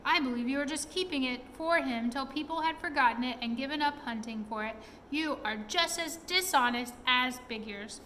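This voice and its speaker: Storybook role: woman voicing a feisty, defiant little male pixie, high and bright. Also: normal speed, slight background noise. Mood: scornful. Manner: indignant, defiant. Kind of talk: storybook read-aloud.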